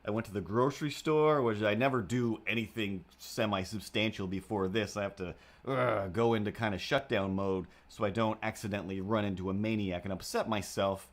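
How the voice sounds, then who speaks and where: A man's voice: fairly low pitch, fairly quick, few pauses. A young man hosting a livestream, chatting casually while he draws. He rambles, jokes at his own expense and often drifts off topic. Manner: meandering, self-deprecating, goofy. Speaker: livestream host.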